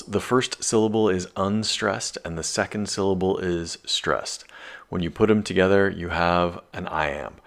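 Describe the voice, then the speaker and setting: A male English teacher giving a recorded lesson, explaining patiently and reading poems aloud, with frequent fillers. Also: sits low.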